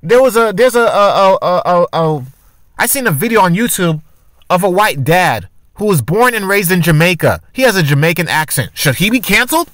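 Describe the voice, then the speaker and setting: A man's voice: high voice, lively intonation, moderate pace, fairly bright tone, dry recording. A man giving casual opinion commentary for his channel, arguing his point with rhetorical questions and frequent restarts. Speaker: commentary vlogger.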